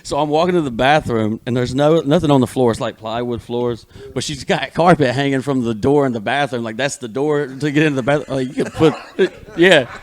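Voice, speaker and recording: A man's voice: mid-range voice, brisk, few pauses. A man in his thirties from Alabama, a guest comedian telling a wild story in a loose, profane, rambling way. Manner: rambling profane storytelling, gets louder as the tale builds. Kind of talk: casual storytelling.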